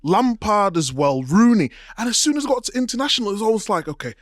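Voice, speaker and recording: High, lively man, emphatic chat. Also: quick pace, no room sound, clean studio sound. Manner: animated and emphatic, laughs a lot. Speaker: podcast co-host. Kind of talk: casual chat.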